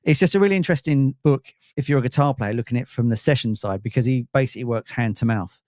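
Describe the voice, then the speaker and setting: Brief: male co-host, talks fast, loose and chatty, with fillers. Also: medium pitch, a little mellow, no echo, clean studio sound. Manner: chatty, rambling with fillers and restarts. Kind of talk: casual chat.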